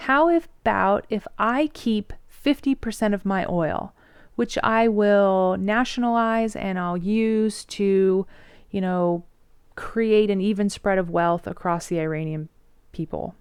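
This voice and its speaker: A defiant male leader who talks bluntly and flippantly, all slang and shrugs, as a woman teacher puts him on. The voice is smooth and clear. It sounds close and dry. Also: medium pitch, takes it slowly, dry recording.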